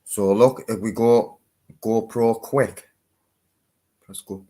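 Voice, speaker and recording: A man's voice: fairly low pitch, fairly even intonation, takes it slowly, dark tone. A man, talking in a casual, rambling vlog, swearing freely. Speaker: vlogger.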